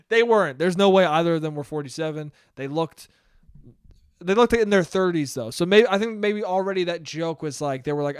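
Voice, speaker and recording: A man's voice: on the high side, normal speed, clear, resonant tone, no room sound, studio quality. A man in his twenties hosting a casual solo podcast, rambling and swearing as he laughs at his own jokes. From United States. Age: 20s. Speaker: podcast host.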